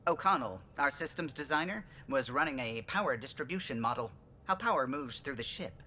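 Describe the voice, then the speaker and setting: A man's voice: medium pitch, expressive, brisk, sharp tone, a little hiss or hum. An actor playing a friendly alien male ship pilot who talks proudly about his ship.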